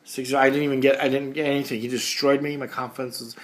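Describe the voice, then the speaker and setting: A man's voice: medium pitch, flat delivery, fast talker. A man telling stories in casual podcast chat, rambling and making jokey asides. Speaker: podcast guest.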